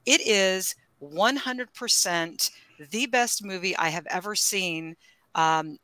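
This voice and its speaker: A woman's voice: medium pitch, slow pace, pushed and bright, no room sound. A woman co-hosting a casual talk show, enthusiastic and meandering. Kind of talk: casual chat.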